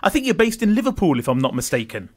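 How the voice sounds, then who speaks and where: A man's voice: high voice, very animated, quick pace. Friendly male radio host. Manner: friendly, hesitant with uhs and ums. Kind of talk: radio interview.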